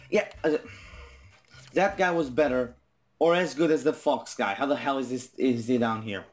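A man's voice: mid-range voice, normal speed. A young man commentating on his own online matches, frustrated and swearing a lot as he rants. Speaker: gaming YouTuber. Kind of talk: gameplay commentary. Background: faint game music.

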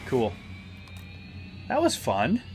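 A man playing a horror puzzle game as a let's-play, easily startled, yelling when scared and talking himself through the tense parts. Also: medium pitch, extremely slow, music in the background. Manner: excitable, shouts in fright, talks himself through scares. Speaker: gamer.

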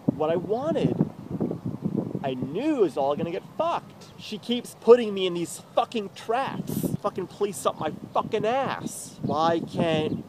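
A man's voice: high-pitched, very animated, a little slow, very noisy. Agitated young man ranting profanely outdoors. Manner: agitated, profane, rambling, swinging between muttering and outbursts. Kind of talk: emotional confessional rant.

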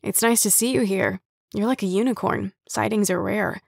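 A woman's voice: mid-range voice, moderate pace, gravelly, breathy edge, no room sound. A woman voicing a friendly young man who teases lightly and dryly. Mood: warm. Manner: light, dry teasing. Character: friendly, teasing young male coffee shop owner.

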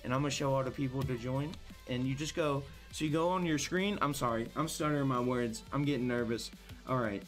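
A man's voice: mid-range voice, fairly quick, faint music behind. A young man hosting a live gaming stream, chatting casually with viewers, upbeat and hyped, repeating himself and apologizing often. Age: young adult. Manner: upbeat and hyped, greets chat by name, repeats phrases, apologetic. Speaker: livestreamer hosting viewer tournaments.

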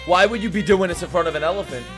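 A young man reacting to videos, excitable and swearing, breaking into shouts and laughter. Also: high-pitched, rapid-fire, soft background music. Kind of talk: loud reaction commentary.

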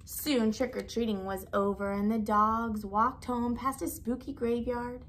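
A woman teacher reading a storybook aloud in an expressive, animated way. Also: a little high, measured pace, slight background noise.

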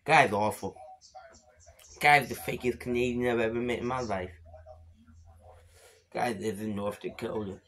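A tipsy man rambles at the camera in a home-made vlog. His talk is slurred and full of curses, and he lurches between grumbling and sudden bursts of yelling. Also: mid-range voice, a little slow, pauses often. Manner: slurred, profane and insulting, with sudden shouts. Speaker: beer vlogger. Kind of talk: rambling profane vlog rant.

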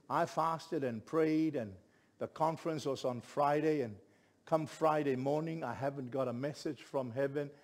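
A middle-aged man, a pastor telling a story in a sermon with lively, building delivery. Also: fairly high pitch. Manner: animated storyteller, rising to shouts at climaxes.

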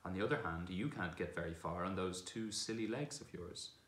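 A man reads aloud from a storybook, voicing a proud talking war horse, a stallion who is brisk, commanding, and at times contemptuous. The voice is very deep and low yet fairly bright in tone, ringing in an echoey room.

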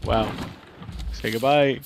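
A man in casual gaming chat who teases his friends and shouts now and then. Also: mid-range voice, fairly even intonation, takes it slowly, gravelly, noisy background. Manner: teasing, swearing, loud outbursts. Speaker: game streamer.

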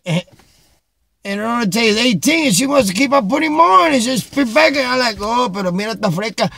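Animated man telling a street story. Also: very high-pitched, brisk, vocal fry, no room sound. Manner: animated, mixes Spanish phrases, repeats "man". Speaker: vlogger. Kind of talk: casual storytelling. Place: Chicago.

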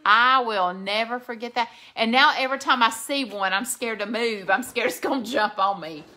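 A woman, chatting casually on a live stream, telling stories slowly and laughing often. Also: a little high, pushed and bright. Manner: slow, drawling storyteller, laughs often. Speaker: co-host, mother.

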